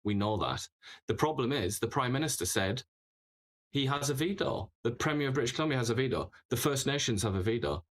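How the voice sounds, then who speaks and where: A man's voice: medium pitch, expressive, fairly quick. A man hosting casual political commentary, talking in a sarcastic, mocking way.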